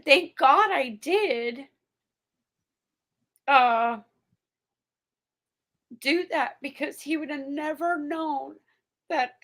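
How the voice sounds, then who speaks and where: A middle-aged woman, a guest in casual chat, speaking slowly and with heartfelt emotion. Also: sits high, creaky, a bit bright.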